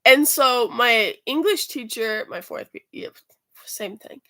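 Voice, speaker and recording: A woman's voice: fairly high pitch, lively intonation, slow, sharp tone. A woman casually telling a rambling story about her school week, swearing freely and trailing off into fillers and restarts. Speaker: student vlogger.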